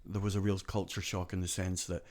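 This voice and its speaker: Guest storyteller: man in his 60s, Glasgow Scottish accent, somewhat low voice, rambling talk full of asides. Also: flat delivery, fairly quick, a little mellow. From born in Glasgow, raised partly in Donegal. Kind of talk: conversational podcast storytelling.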